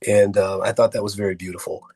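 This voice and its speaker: A man's voice: lowish voice, steady tone, fast, a little mellow, husky. A man, a film producer and actor, speaking as a guest in a casual interview, telling earnest, rambling stories full of fillers.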